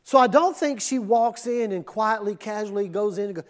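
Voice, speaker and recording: A male pastor delivering a sermon in a church auditorium. His voice sits high for a man, and his manner is conversational and animated, drawing the congregation in with questions. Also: moderate pace, few pauses. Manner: conversational, animated preaching, asks the crowd. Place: air-conditioned church auditorium.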